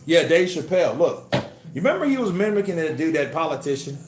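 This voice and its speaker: A man hosting a livestream of boxing commentary, talking in an animated, profane and excitable way. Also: on the high side, fast. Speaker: host. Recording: roomy echo.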